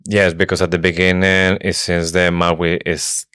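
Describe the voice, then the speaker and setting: Very deep-voiced man, casual book chat. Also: level tone, a little slow, sharp tone, clean tone, no echo, studio quality. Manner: retells the plot with hesitations and fillers. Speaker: podcast co-host.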